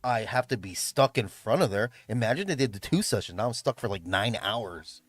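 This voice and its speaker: A man's voice: on the low side, animated, a little fast, no echo. Laid-back, rambling male streamer. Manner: laid-back, rambling, swears and laughs often. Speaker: livestreamer and event host. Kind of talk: casual livestream chat. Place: home room. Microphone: streaming mic.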